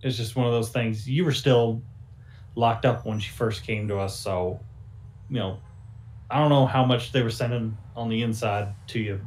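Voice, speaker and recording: A man's voice: mid-range voice, steady tone, moderate pace, darkish tone, lightly acted. A man voicing a wary middle-aged male gang member who rambles in a folksy drawl. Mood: uneasy.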